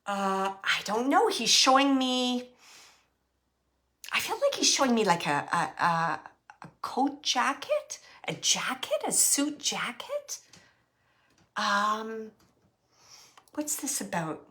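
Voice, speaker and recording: A woman with a bright, clear-toned voice gives a psychic reading. She speaks haltingly, feeling her way through each impression and thinking aloud, and laughs often as she relays what she senses. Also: on the high side, wildly swooping pitch. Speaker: psychic medium.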